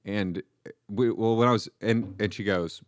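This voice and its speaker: A man's voice: on the low side, fairly even intonation, normal speed, no echo, clean studio sound. A young man co-hosting a comedy podcast, telling stories in a joking, self-deprecating way. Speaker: podcast co-host. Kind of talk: casual comedy podcast chat.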